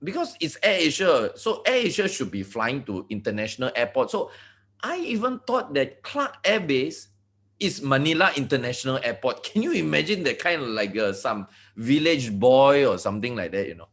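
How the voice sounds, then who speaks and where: A man from Malaysia with a Malaysian English accent, giving an excited motivational talk full of asides and repeated words. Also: medium pitch, normal speed. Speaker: network marketing leader. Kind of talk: motivational talk on a video call.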